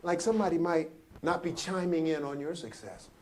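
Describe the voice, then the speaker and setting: A man with a high voice delivers a motivational speech in a preacherly cadence. He tells his story in a call-and-response style and swells to shouts at its peaks. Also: fairly quick. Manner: builds to shouting. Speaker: motivational speaker.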